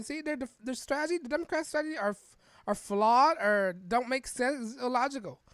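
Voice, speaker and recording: A woman hosts a podcast and talks through the news in a loose, rambling way, restarting her sentences and tagging them with questions. Her voice sits on the higher side. The sound is dry and close, with no room around it. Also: brisk, dry recording. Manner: rambling, frequent restarts and "right?" tags. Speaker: podcast host. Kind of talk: casual political commentary reading an article.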